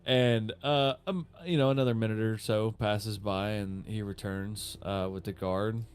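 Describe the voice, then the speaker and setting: A man as game master narrating a tabletop game in a casual, halting way. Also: lowish voice, fairly even intonation, clean tone, soft background music.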